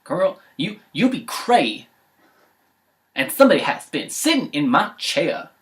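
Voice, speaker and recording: A man voicing a sassy, scolding mother bear in a high, brassy voice. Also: big pitch swings, measured pace.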